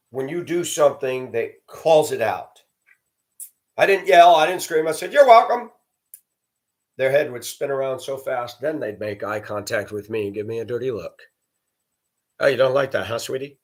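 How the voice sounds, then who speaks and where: A man's voice: medium pitch, expressive, normal speed, darkish tone. A man from the American South delivering a sarcastic, judgmental ranting monologue to his channel. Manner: sarcastic, judgmental, emphatic repetition. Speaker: channel host.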